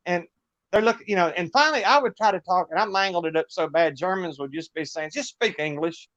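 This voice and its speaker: A man's voice: high voice, a little fast, a bit bright, dry recording, dull audio. A middle-aged man with a Southern US accent, chatting as a guest on a livestream and telling rambling, laughing stories in a folksy way. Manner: folksy, rambling storyteller who laughs often. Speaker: guest musician. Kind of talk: casual livestream chat.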